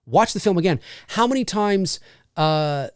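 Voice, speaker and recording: Animated man giving an off-the-cuff film review. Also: sits high, measured pace, clear, resonant tone, dry recording, clean studio sound. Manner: thinks aloud with frequent restarts. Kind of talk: unscripted spoken film review.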